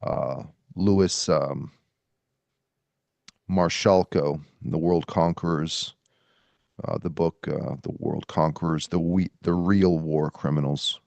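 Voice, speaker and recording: A man with a deep voice and a gravelly edge speaks on a podcast. He is recorded dry and close, and his talk is casual and halting, with pauses as he reads from his sources. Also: steady tone, darkish tone, dry recording, lo-fi sound. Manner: halting, pausing while reading from sources. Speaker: podcast host. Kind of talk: casual podcast talk, reading quotes aloud.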